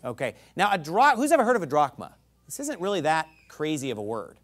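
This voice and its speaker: A male pastor delivering a sermon in a sarcastic, mocking manner. His pitch leaps around with lively swings. He drops to quiet, careful explanation, then bursts into shouting. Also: fairly quick.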